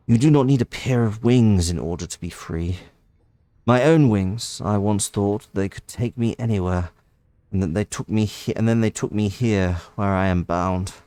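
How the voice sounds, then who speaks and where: A man voicing a solemn, alluring winged woman from a game, speaking softly and slowly. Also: lowish voice, no echo, natural voice.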